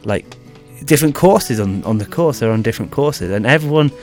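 A man with a mid-range voice, talking on a radio show in a studio. He speaks in a relaxed, hesitant way, with faint music playing underneath. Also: mid-range voice, brisk. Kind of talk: casual radio chat.

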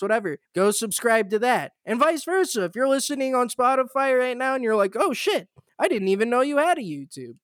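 A man's voice: sits high, fairly bright tone, dry recording, clean studio sound. A man co-hosting a podcast, closing the show with mock-grand, jokey hype and calls to subscribe. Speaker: podcast co-host. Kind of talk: casual podcast chat, mock-grand sign-off.

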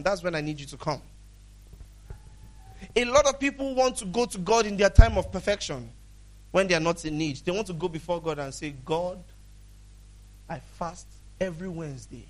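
A male pastor with a notably high voice preaches a sermon. He talks in a conversational way, acts out little dialogues with people and laughs often.

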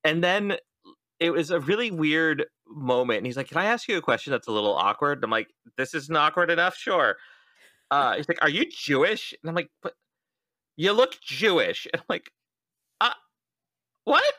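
A young adult man hosts a casual podcast chat and tells his story with lively energy. He acts out every quoted line. His voice is bright and forward, and it is recorded close and dry. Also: fairly high pitch, brisk, no echo. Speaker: podcast host.

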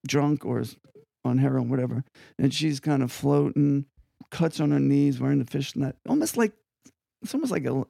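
An older man from Long Island, a guest musician telling rambling, animated stories with frequent asides in an interview. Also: mid-range voice, moderate pace, vocal fry, dry recording, clean studio sound. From Long Island, New York. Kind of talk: anecdotal storytelling in an interview.

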